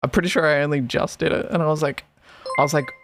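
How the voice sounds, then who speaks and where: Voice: mid-range voice, steady tone, fast talker, dry recording, faint music behind. A streamer in casual chat, swearing often and laughing between sentences while rewatching an old stream.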